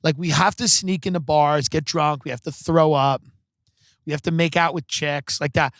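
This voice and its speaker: A man with a high, bright voice telling comic stories on a podcast, loose and profane with many "like"s. The recording is dry and close, with no room sound. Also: fairly even intonation, moderate pace, no echo. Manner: casual, profane, rambling with many "like"s. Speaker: podcast host. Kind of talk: comedic storytelling.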